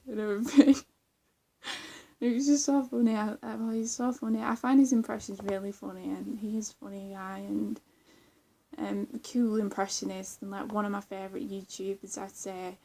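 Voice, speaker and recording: A woman's voice: medium pitch, fairly even intonation, normal speed, dark tone. A young woman chatting casually in a vlog, rambling with lots of fillers, restarts and giggles. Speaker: vlogger. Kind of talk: casual chat.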